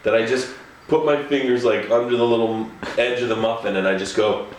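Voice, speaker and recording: A man's voice: mid-range voice, steady tone, brisk, a little hiss or hum. Chuckling man telling a story. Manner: chatty, often chuckling. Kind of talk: casual spoken anecdote. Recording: echoey room, faint ambience.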